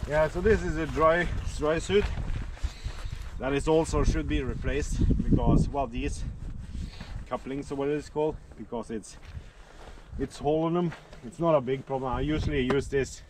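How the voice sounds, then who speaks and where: A Norwegian man with a Norwegian accent, talking casually to camera outdoors by the water while sorting his gear, thinking aloud in halting restarts. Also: mid-range voice. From Norway. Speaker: outdoor vlogger. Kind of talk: casual vlog talk while handling gear. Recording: loud wind and outdoor noise. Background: wind and water noise.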